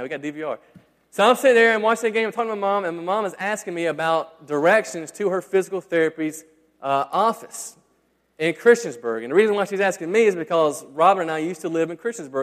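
A man in his thirties preaching a sermon to a congregation, telling stories in a chatty, self-deprecating way full of fillers. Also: fairly high pitch. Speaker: pastor. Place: church hall before a congregation. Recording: long reverb of a church hall.

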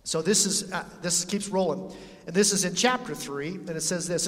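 A man's voice: high-pitched, normal speed, a bit bright. A man preaching a sermon in a conversational way, reading scripture and acting out quotes. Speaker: pastor. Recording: long hall reverb.

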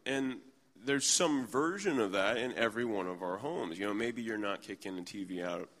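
A man's voice: fairly low pitch, moderate pace, fairly bright tone, big-room sound. A man in his thirties preaching a sermon, telling a candid, self-deprecating story from his own life.

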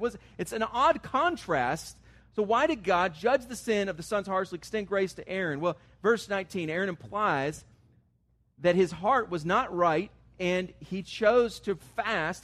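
A pastor with a high, fairly bright voice preaches a sermon in an earnest, conversational way. He drops in asides with fillers and rises to emphatic stresses on key words.

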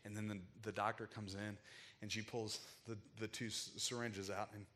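A man's voice: on the low side, flat delivery, moderate pace, bright, forceful tone, slight background noise. A man preaching a sermon, telling a heartfelt personal story in an emotional, casual way with frequent filler words. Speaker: pastor.

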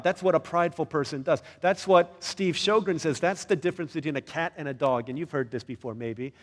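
A pastor preaching a sermon in a church, conversational and animated, often asking the listeners questions. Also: male voice, fairly high pitch, a little fast, few pauses, long reverb tail.

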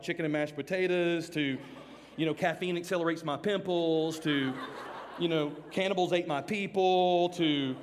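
A man telling a funny story as a youth speaker, acting out the voices of the people in it and swinging from loud to hushed. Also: on the high side. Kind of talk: storytelling sermon. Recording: long hall reverb.

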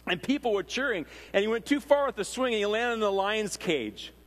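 A man from Minnesota with a Minnesotan accent, preaching a sermon in a conversational, animated storytelling way with frequent fillers and restarts. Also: sits high, a little fast. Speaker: pastor. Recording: long reverb of a large hall.

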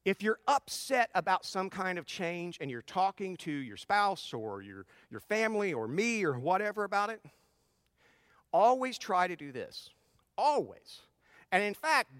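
A man's voice: high-pitched, normal speed, no echo, studio quality. A middle-aged man giving casual advice to his audience. He mixes in personal stories and often restarts his sentences. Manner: animated storyteller with frequent restarts. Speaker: speaker addressing his audience.

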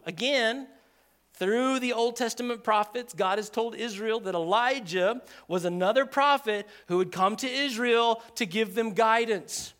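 A man preaching a sermon in a conversational, animated way, acting out quoted voices. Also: high-pitched, a little slow, clean tone. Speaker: pastor.

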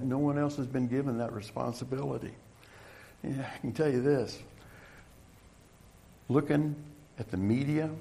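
A middle-aged male pastor preaching a sermon, swinging from loud, emphatic calls to the congregation to quiet, hushed storytelling. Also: mid-range voice, vocal fry.

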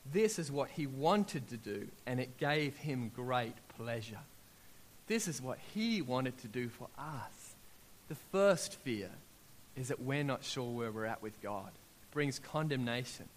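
A man, preaching a sermon in an animated, storytelling way, acting out his own prayers as he goes. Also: medium pitch, a little slow, slight background noise.

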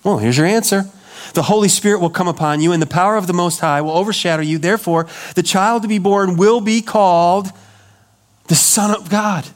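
Male pastor, middle-aged, higher register, acts out his quotes mid-sermon. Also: brisk. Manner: animated storytelling, acting out quoted voices.

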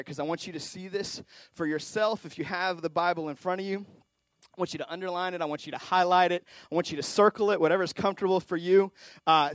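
A young man preaching to a youth group, his voice fairly high and the sound dry and close. He talks casually, dropping "uh" and "man," then builds to loud, pumped-up peaks. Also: dry recording. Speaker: youth pastor. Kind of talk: sermon.

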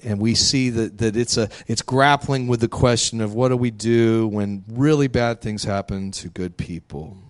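A male pastor preaching a sermon in a candid, conversational way, laughing often. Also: mid-range voice.

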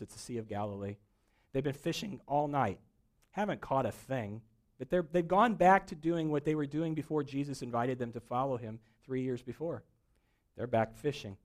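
A man preaching a sermon, telling a story with acted-out dialogue and swings between loud emphasis and quiet moments. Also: medium pitch. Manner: storytelling preacher, acts out dialogue, rising and falling intensity. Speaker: pastor.

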